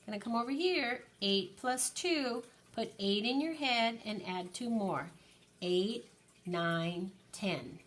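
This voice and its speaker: Slow, bright-voiced woman teaching young children. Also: medium pitch. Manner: slow, patient counting aloud for young children. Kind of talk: early-grade classroom lesson.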